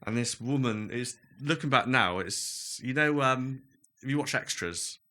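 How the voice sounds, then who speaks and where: A man's voice: mid-range voice, expressive, unhurried, bright, forceful tone. A man in his thirties, telling anecdotes on a casual podcast, acting out the people he quotes and laughing often. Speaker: guest.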